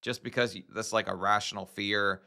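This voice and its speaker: A man hosts a reaction video in a loose, chatty commentary style. His voice sits low but rings bright and forceful. He talks bluntly and leans on fillers like "like". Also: steady tone, brisk, creaky. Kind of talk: casual commentary.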